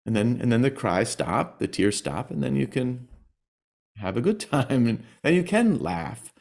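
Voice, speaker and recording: A middle-aged man talking as a podcast guest, in a halting way with many restarts and small laughs between words. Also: mid-range voice, sing-song, vocal fry, a little mellow. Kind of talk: conversational interview.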